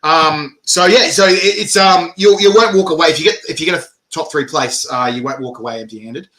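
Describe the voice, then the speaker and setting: Man, host, bright tone, casual, swears, laughs a lot. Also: fairly high pitch, a little fast. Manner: animated, laughs often, swears freely. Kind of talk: casual interview on a livestream.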